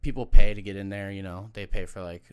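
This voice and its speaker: A young man with a fairly low voice co-hosts a casual podcast chat. He tells stories with lots of energy, acts out the people he quotes, and swears freely along the way. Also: steady tone, fast talker, clean tone. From Aloha, Oregon. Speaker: podcast co-host.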